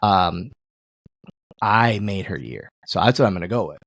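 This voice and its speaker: A man's voice: low-pitched, lively intonation, normal speed, gravelly, fairly bright tone, no echo, clean studio sound. A man hosting a podcast in casual chat, telling self-mocking stories and laughing often. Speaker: podcast host.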